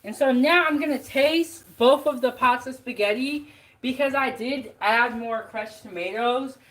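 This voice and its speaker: A woman's voice: high voice, unhurried, a bit bright, low-quality recording. A woman hosting her own cooking vlog, chatting casually to viewers while she cooks in her kitchen and laughing often. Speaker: home cook hosting a cooking channel. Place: home kitchen.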